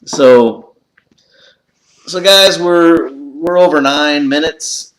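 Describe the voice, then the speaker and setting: A man vlogging about a lucky find, telling the story with lots of excitement and leaping up in pitch when he relives his panic. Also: very slow. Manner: excitable, jumps up high when retelling his own panic. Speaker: pipe collector vlogger. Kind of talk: animated storytelling to camera. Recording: echoey room.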